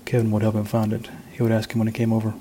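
A man, an author, reading his short story aloud in a measured, even manner. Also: on the low side, a little hiss or hum, low-quality recording.

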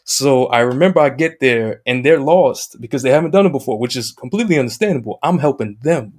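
An excitable man in a casual chat, telling a gaming story with energy and acting out other people's voices. His pitch sits in the middle range for a man. He swears mildly as he talks. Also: fast talker. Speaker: guest, video game streamer. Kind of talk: casual anecdote on a podcast.

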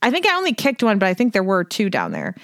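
A young adult woman co-hosting a podcast, telling an animated story in casual chat and swearing freely. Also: medium pitch, fast, gravelly, no room sound, clean studio sound. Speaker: podcast co-host.

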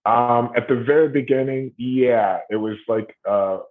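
A man's voice: medium pitch, unhurried. Man from Ohio on a tinny line. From Ohio, USA. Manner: rambling, loose storytelling. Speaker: guest musician. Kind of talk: casual interview chat.

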